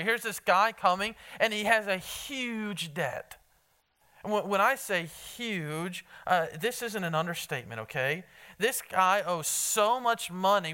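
Bright, clear-voiced male preacher. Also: sits high. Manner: conversational, quizzes the congregation, emphatic. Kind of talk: evening sermon with Bible reading.

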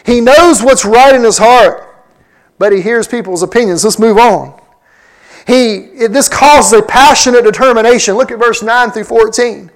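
A man's voice: very high voice, moderate pace, poor audio. A man preaching a sermon, teaching from scripture verse by verse and acting out the lines he quotes. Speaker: pastor.

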